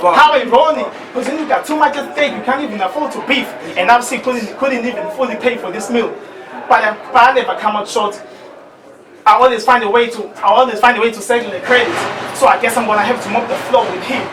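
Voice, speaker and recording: Boastful battle rapper, high voice, crowd. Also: male voice, fast talker. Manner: boastful, repeats lines for the crowd. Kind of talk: live battle rap verses. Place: live event venue. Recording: roomy, far from mic, loud crowd.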